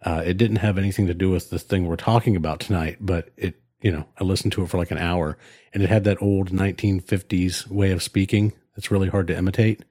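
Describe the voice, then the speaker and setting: A low-voiced man co-hosting a podcast talks fast in a mellow, fairly even tone, rambling through casual chat with plenty of fillers and restarts. The studio recording is clean, with no echo.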